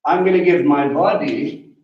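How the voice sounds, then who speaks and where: A man teaching a congregation at a Passover meal. He talks in an animated way, asks many questions and slows down to stress key words. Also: a little high, dull audio. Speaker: teacher leading a Passover Seder. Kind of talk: sermon-style teaching. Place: congregation hall. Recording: echoey room, voice from a distance.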